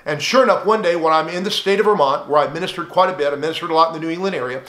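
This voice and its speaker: A man's voice: fairly high pitch, racing, fairly bright tone, echoey room. A man teaching a sermon, earnest and direct, addressing the listener as friend. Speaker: pastor.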